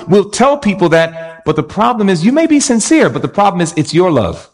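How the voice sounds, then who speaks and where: A man's voice: sits high, sing-song, fairly quick, hardly any pauses. A man preaching a sermon, asking his listeners rhetorical questions.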